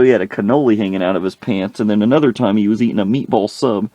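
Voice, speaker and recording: A male podcast host telling a comic story from his own life in an animated, slangy way. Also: lowish voice, fast talker, few pauses, dry recording.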